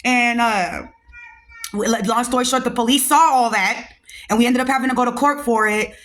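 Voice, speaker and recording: A young woman hosting a podcast, telling a story in a casual, animated and slangy way and talking straight to her listeners. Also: fairly high pitch, normal speed. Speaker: podcast host.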